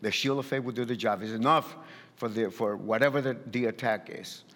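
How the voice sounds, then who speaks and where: Male pastor with a light accent, mid-pitched, preaching emphatically in a reverberant hall, plenty of repeats and restarts. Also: a little fast, fairly bright tone. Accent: non-native English. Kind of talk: sermon.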